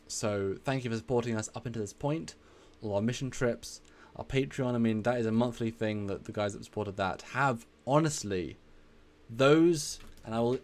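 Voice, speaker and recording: Brief: male stream host, lowish voice, warm thanks, rambling and repetitive. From England. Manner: rambling, effusive, repeats himself. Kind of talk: casual live stream chat.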